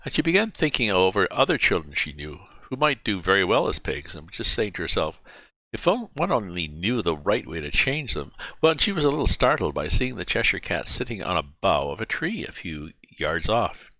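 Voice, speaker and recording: A man reading a children's novel aloud with a deep yet bright voice and plenty of lift and fall in his delivery. He sounds close and dry, with no room around him. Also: big pitch swings, brisk, few pauses, no room sound. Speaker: storyteller.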